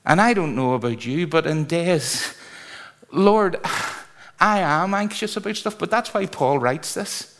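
Recorded in an echoey church hall, this man's fairly high, fairly bright voice is animated yet a little slow. Leading his congregation in a large church, he delivers an earnest, conversational sermon with sudden exclamations and congregational singing.

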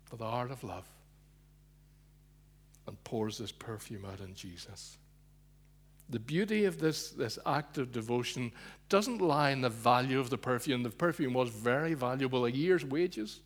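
A man preaching a sermon, telling a story with loud emphasis that drops to hushed, low asides. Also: animated, a little slow, pauses often.

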